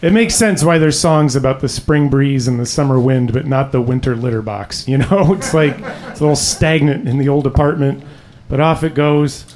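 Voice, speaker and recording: A man's voice: mid-range voice, normal speed, a little mellow. A young adult man doing a stand-up comedy set on a club stage, talking in a loose, rambling, swearing way into a handheld mic. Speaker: stand-up comic.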